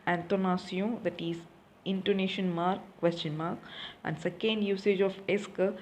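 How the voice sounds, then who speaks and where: A woman's voice: fairly low pitch, steady tone, normal speed, darkish tone, slight background noise. A young woman teaching a recorded French lesson. She asks questions and answers them herself, often repeating key points.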